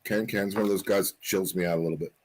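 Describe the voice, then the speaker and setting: A man, a guest musician chatting on a livestream, earnest and warm-hearted, talking in quick bursts. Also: low voice, fairly even intonation, poor audio. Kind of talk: casual livestream chat.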